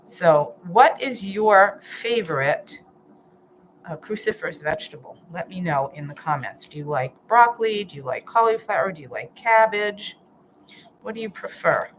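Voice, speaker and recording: A woman in her home kitchen hosts a relaxed live cooking stream, talking at an ordinary mid pitch. She rambles and thinks aloud as she chops, often restarting her sentences and humming happily as she tastes. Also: normal speed, slight background noise, poor audio. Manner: chatty, thinks aloud while chopping, with restarts and hums of tasting. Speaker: healthy-eating coach hosting a live stream. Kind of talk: casual live cooking chat.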